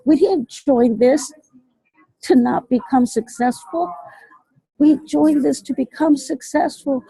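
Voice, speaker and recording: A woman's voice: high-pitched, creaky, mellow, no echo, poor audio. A woman on a video call giving a fervent, motivational testimonial, often repeating herself. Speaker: team member sharing on a call. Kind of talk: emotional testimonial.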